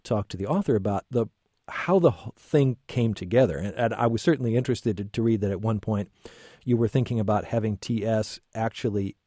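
A man hosting an interview, asking curious, measured questions with some fillers. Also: fairly low pitch, warm tone, no room sound, studio quality. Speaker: interview host. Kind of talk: casual interview conversation.

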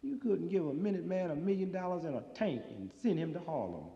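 A man's voice: a little high, sing-song, fast talker, creaky, dark tone, a little hiss or hum. A man doing a streetwise, sardonic stand-up routine that swells into emphatic outbursts, on an old live recording. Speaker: stand-up comedian. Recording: old live recording in a reverberant hall, dull sound.

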